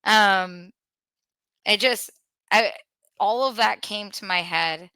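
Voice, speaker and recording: A woman hosts a podcast in casual, earnest talk, often breaking into uneasy laughter and restarting her sentences. Her voice is bright and forward. The sound is close and dry, with no room around it. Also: mid-range voice, slow pace, clear, resonant tone, no room sound. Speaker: podcast host.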